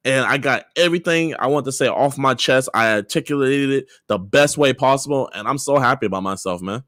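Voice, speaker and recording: A man's voice: medium pitch, fairly quick, a bit bright, no room sound, clean studio sound. Upbeat rambling young man guest. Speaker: streamer guest. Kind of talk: casual livestream chat.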